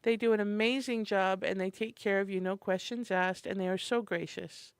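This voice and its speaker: A chatty, upbeat woman co-hosts a morning radio show and reads through the week's community calendar. Her voice sits at an ordinary middle pitch for a woman. She is heard through a close studio microphone, with a dry sound and no room in it. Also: steady tone, moderate pace, smooth, dry recording. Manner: chatty and enthusiastic, reading a calendar. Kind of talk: community events rundown on radio.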